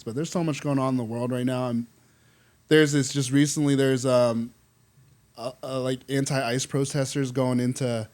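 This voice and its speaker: Animated male podcast host. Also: mid-range voice. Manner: animated storyteller, acts out quoted voices, says "dude" often. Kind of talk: casual chat, retelling a Bible story.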